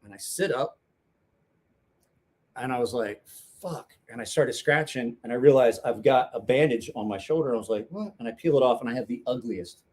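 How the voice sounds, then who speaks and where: A man's voice: medium pitch, moderate pace, darkish tone, breathy edge. A man telling a rambling, profane anecdote in casual chat, laughing along. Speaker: storyteller guest.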